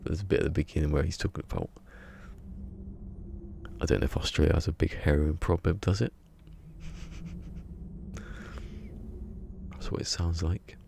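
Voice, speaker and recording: Streamer, man, deep gravelly voice, rambling muttered chat, faint background hiss. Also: steady tone, normal speed, pauses often, darkish tone. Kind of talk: casual gameplay stream chat.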